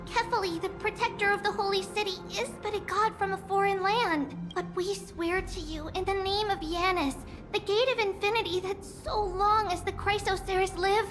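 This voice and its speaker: A gentle, solemn priestess who looks like a child, with a very high, piping voice. She speaks formally and pleads earnestly in a game cutscene, with soft game music behind her.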